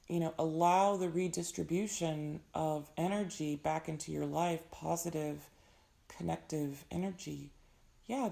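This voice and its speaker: A young woman with a hoarse voice giving an earnest, advising tarot reading in casual talk. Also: on the low side, mellow. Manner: earnest, advising, frequent fillers. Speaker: tarot reader.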